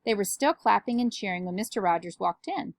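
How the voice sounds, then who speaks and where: A woman reading a children's picture book aloud to kids with steady, clear narration. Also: mid-range voice, brisk, no room sound. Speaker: parent reader.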